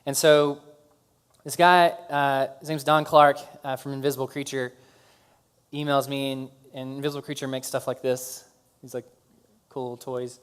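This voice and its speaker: A man telling his story to a live audience in a smooth, clear voice of ordinary pitch. He talks casually, with many fillers and restarts, and gets animated when something excites him. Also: moderate pace.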